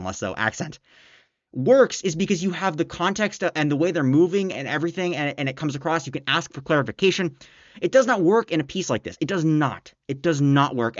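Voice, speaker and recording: A man with a fairly high voice rants through a casual book review, blunt and exasperated, tripping over restarts. The recording is dry and a little dull. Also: dry recording. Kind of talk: casual spoken review rant.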